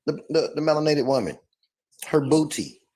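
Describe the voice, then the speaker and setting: A man's voice: on the high side, sing-song, moderate pace, darkish tone. A man hosting a casual group chat, joking around and laughing often.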